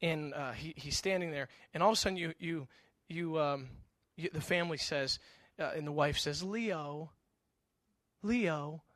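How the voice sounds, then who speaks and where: A middle-aged man preaching in a casual, storytelling way, his voice high and bright. He stumbles over repeated words as he goes, animated and engaged. The sound is close and dry. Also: normal speed, no room sound. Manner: animated storytelling, with frequent stammered restarts. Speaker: pastor. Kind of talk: conversational sermon.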